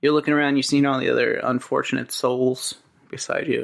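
A man's voice: medium pitch, level tone, fairly quick, gravelly. A man co-hosting a comedy podcast, riffing in a loose, rambling, joking way. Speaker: podcast co-host. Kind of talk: improvised comedy banter.

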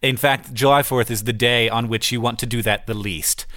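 A man's voice: mid-range voice, fairly even intonation, moderate pace, pushed and bright, no room sound, clean studio sound. Wry, easygoing American man hosting. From United States. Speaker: podcast host. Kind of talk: casual podcast chat.

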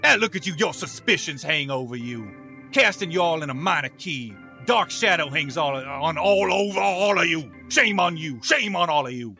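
A man's voice: on the high side, animated, moderate pace, gravelly, pushed and bright, soft background music, voice pushed up, full character voice. A man doing a grandiose preacher con man. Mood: preachy. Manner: theatrical, grandiose, sing-song. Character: smooth-talking male preacher con man.

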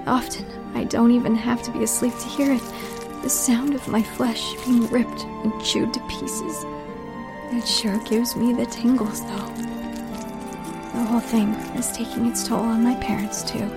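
Hushed woman narrating over music. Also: fairly high pitch, flat delivery, normal speed. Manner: hushed, often dropping to a whisper. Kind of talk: scripted storytelling narration.

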